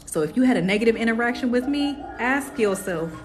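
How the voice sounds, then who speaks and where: A woman's voice: on the high side, a little fast. Sassy young woman chatting live. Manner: sassy, animated, calls viewers "baby". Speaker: astrology live-stream host. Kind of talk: casual live-stream chat.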